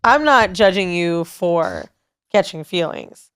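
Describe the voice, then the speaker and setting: A woman co-hosting a podcast talks in a lowish, smooth voice. She is blunt and profane and gives advice in casual studio chat. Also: expressive, slow pace, fairly bright tone. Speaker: podcast co-host.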